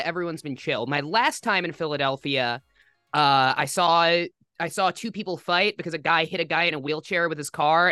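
Bright, joking male podcast host. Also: fairly high pitch, clean tone, no room sound, studio quality. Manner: joking, mock-grand introductions. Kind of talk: casual comedic podcast chat.

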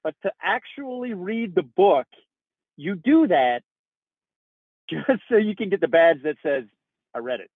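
A man's voice: high-pitched, animated, unhurried, long pauses, husky, dry recording. Wry man on a tinny line. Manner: dry, laid-back, wry humor. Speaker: podcast co-host. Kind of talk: casual podcast chat. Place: in his car. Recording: tinny phone-like line, dry.

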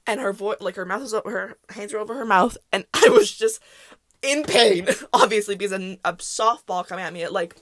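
Woman, solo podcast host; chatty, self-correcting storyteller, mid pitch, dry recording. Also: lively intonation, a little fast, dry recording. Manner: rambling, self-correcting, laughs often.

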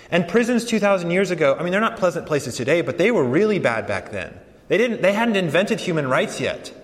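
A young adult man, a campus ministry pastor, giving a conversational sermon with self-deprecating, animated storytelling. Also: sits high. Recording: long hall reverb.

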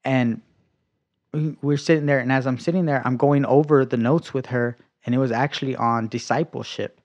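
A man at an ordinary pitch tells his faith story in an easygoing, conversational way, full of life, playing out his own past words and sometimes sinking to a whisper. The sound is a bit dull and lo-fi. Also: steady tone, normal speed, darkish tone. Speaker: guest sharing a faith testimony. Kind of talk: casual conversational testimony.

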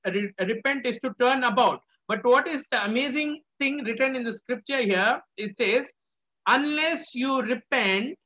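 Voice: medium pitch, sharp tone, dull audio. A preacher with a small child, delivering a sermon emphatically, repeating key phrases and asking rhetorical questions. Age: adult with a small child.

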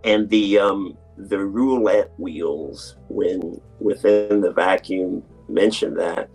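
A man with a very deep voice co-hosting a casual podcast. He speaks slowly and thoughtfully, dropping the odd dry chuckle. Faint music sits quietly in the background. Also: breathy edge, low-quality recording. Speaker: podcast co-host. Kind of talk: casual chat.

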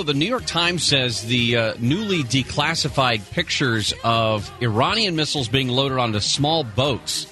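A man hosting a talk radio show, chatting casually and reading headlines with rambling asides. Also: mid-range voice. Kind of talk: talk radio chat and news rundown. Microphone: studio broadcast mic.

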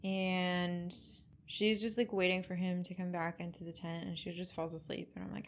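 A woman with a slightly low-pitched voice, chatty and sardonic as she co-hosts a loose film recap. She swears freely and keeps things conversational. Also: flat delivery, moderate pace, slight background noise. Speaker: podcast co-host. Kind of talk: casual chat recapping a film.

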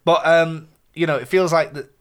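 A man co-hosting a podcast in casual chat, animated and sweary, his pitch jumping up as he gets going. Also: normal speed. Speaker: podcast co-host.

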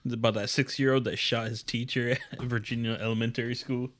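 A man's voice: medium pitch, flat delivery, fairly quick, background noise. A man co-hosting a casual podcast, swearing freely while sharing news and gossip. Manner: profane, brings up news and gossip. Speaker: podcast co-host. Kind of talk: casual chat.

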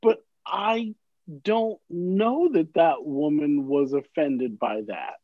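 A man's voice: a little high, slow, dry recording, narrow, tinny audio. A man in casual podcast conversation, rambling and searching for words, swearing at times. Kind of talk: casual chat.

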